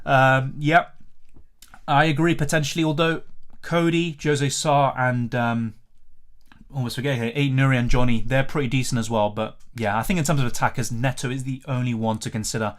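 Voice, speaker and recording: A man's voice: mid-range voice, fairly even intonation, brisk. A man hosting a live fantasy football Q&A stream, chatting casually, thinking aloud and answering viewer comments.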